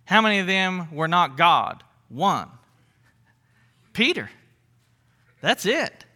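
A middle-aged man preaches in a plain, conversational manner, breaking off into asides and restarting his sentences. His voice sits high for a man and rings very bright and forceful. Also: sing-song, slow. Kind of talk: sermon.

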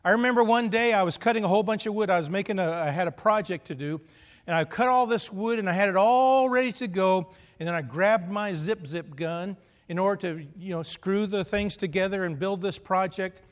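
A middle-aged man preaching a sermon, telling funny stories in an animated way with humorous asides. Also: sits high, fairly quick. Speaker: pastor.

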